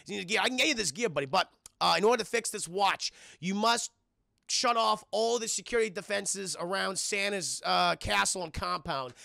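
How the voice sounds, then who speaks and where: A man voicing a slick, fast-talking male penguin hustler with salesman patter. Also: high-pitched, gravelly, sharp tone, dry recording, clean studio sound, exaggerated voice.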